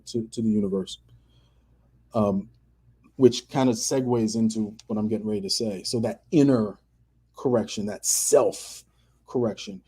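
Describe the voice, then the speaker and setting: A man's voice: mid-range voice, slightly rough. A man hosting a motivational radio show, talking emphatically, repeating key phrases and acting out the people he quotes. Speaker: podcast host.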